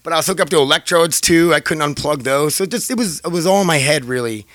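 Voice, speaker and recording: A man's voice: a little high, fast, fairly bright tone, no room sound. A man casually telling viewers a rambling, profane story, laughing often, his throat a little scratchy.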